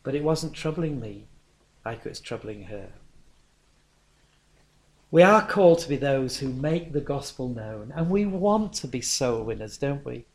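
A man's voice: mid-range voice, lively intonation, unhurried, pauses often. A man preaching a sermon in a conversational storytelling manner.

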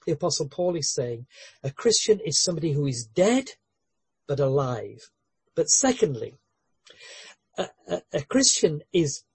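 A man's voice: fairly high pitch, a little mellow, husky, no echo. A man preaching a sermon in an earnest way, with light humorous asides and frequent word repetitions and restarts.

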